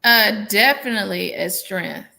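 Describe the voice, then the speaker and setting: A woman on a live stream panel, answering slowly and deliberately. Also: medium pitch, creaky, bright, forceful tone.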